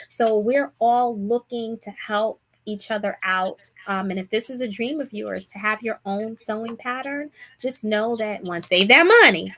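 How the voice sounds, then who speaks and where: A woman's voice: mid-range voice, fairly bright tone. A woman with a Bronx accent hosting a casual live stream over a video call, chatty and upbeat with lots of ums. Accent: Bronx New York. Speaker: livestream host.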